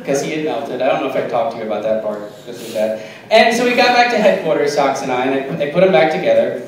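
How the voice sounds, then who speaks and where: A man doing a silly, pun-filled stand-up set in a small bar, deadpan and giggling at his own jokes. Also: medium pitch, fast talker. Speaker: stand-up comic. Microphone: phone camera. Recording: echoey bar, phone from far off, crowd.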